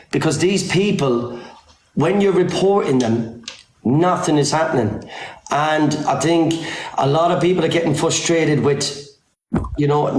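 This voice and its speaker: A man's voice: a little high, darkish tone, reverberant, rough recording. A man hosting a livestream, talking emphatically and repeating himself for stress. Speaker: livestream host. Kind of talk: campaigning livestream talk.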